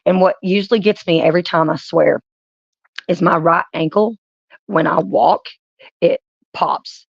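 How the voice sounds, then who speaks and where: Gravelly low-voiced woman rambling on stream. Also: fairly even intonation, a little slow, pauses often, no echo, muffled recording. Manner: rambling anecdotes with frequent laughs. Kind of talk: casual live-stream chat.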